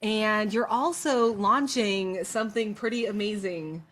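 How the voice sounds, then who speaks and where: A woman's voice: mid-range voice, unhurried, a bit bright. Upbeat woman hosting an interview. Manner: upbeat and encouraging. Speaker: interview host. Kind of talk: casual interview chat. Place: club venue indoors.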